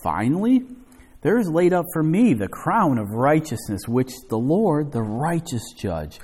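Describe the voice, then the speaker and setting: A man's voice: fairly high pitch, slightly rough. A man preaching an evening Bible study sermon, reading scripture aloud and stopping to stress its points. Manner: slow, emphatic reading with lively rises and falls. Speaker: pastor. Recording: long hall reverb.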